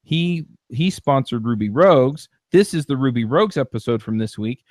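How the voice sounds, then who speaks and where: A man's voice: mid-range voice, expressive, normal speed, darkish tone, no room sound, clean studio sound. A man hosting a podcast, talking in a rambling casual way with many restarts and fillers. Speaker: podcast host. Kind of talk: casual chat.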